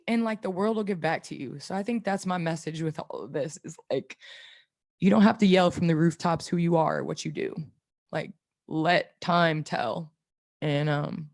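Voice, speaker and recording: A woman's voice: lowish voice, moderate pace, darkish tone. A woman basketball player in her thirties answers at a post-game press conference. She is playful and chatty, then earnest and reflective.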